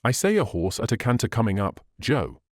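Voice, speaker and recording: A man voicing a gruff, grumbling coachman who curses his horses. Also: medium pitch, very animated, brisk, no echo, clean studio sound, natural voice. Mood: vexed. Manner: grumbling, cursing. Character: vexed gruff male coachman on a mail coach.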